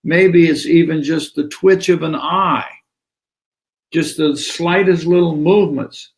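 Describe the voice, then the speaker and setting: Gravelly-voiced man teaching yoga. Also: a little high, takes it slowly. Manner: animated, acts out little dialogues. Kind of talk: conversational teaching on scripture.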